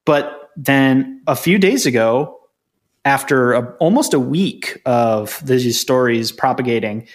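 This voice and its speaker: A man co-hosting a casual podcast chat, explaining things briskly and chuckling often. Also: medium pitch. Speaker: podcast co-host.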